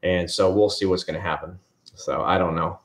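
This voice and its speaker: A man's voice: deep voice, fairly even intonation, normal speed. A man hosting a casual livestream from home, rambling and answering viewers' comments by name. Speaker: livestream host. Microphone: headset.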